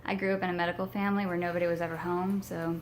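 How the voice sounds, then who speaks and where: A young woman from Texas chatting casually to her viewers, her voice hoarse from a sinus infection, rambling with many ums. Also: fairly low pitch, level tone, racing, slight background noise. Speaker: paranormal vlogger. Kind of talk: casual vlog chat to camera.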